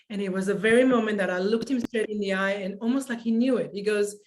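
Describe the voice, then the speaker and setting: A woman's voice: mid-range voice, fairly even intonation, a little fast. A woman interview guest who tells personal stories in a casual, emotional way and often laughs as she talks.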